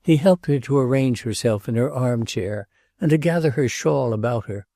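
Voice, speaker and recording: Male audiobook reader, gravelly and mellow, close dry mic. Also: medium pitch, normal speed, dry recording. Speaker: audiobook narrator. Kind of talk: scripted narration.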